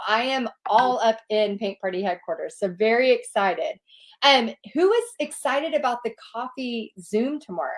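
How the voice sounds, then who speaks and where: A middle-aged woman hosts a relaxed live Q&A and reads viewer comments aloud. Her voice sits somewhat high, and she gushes warmly and effusively over each one. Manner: bubbly, gushing, effusive. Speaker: host reading viewer questions. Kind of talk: casual live Q&A.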